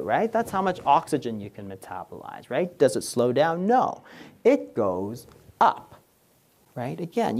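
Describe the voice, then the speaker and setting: A man delivers a medical presentation in an animated, rising-and-falling voice. He walks his listeners through the charts step by step and keeps checking that they follow with a habitual "right?". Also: on the high side. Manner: explanatory, checks in with a constant "right?". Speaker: doctor giving a lecture. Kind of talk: presentation lecture explaining slides.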